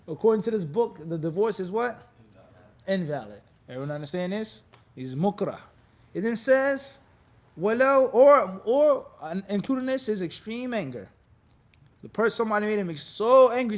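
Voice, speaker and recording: A man teaching Islamic law to a class, animated and quizzing his students again and again. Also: sits high, moderate pace. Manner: animated, quizzes class with repeated "what?" prompts; acts out quoted people in lively bits. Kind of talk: classroom lecture.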